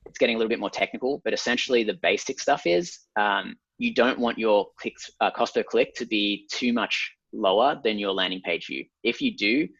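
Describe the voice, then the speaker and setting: An Australian man with a lowish, husky voice talks through marketing numbers in a steady, methodical way, pausing on ums. The room sounds dry and close, and the audio is a little dull and lo-fi. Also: no room sound. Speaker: ad consultant guest. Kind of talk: explaining a screen walkthrough.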